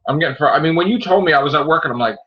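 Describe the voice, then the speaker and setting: A man's voice: a little high, very fast. A man co-hosting a podcast in casual chat, ranting with heated profanity. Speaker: podcast co-host. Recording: dull lo-fi audio.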